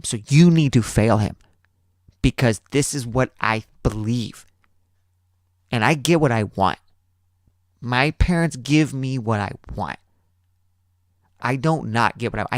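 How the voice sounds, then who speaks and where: A man's voice: gravelly, fairly bright tone, no room sound, studio quality, full character voice. A man voicing an entitled teenage girl who insists and pushes. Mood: demanding. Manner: insistent, shrill and pushy.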